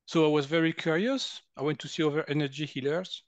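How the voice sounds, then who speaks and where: Animated French man telling stories. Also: on the high side, fast talker, no room sound, dull audio. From France. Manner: animated, acts out quotes, laughs often. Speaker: guest, energy healer. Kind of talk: personal storytelling in conversation.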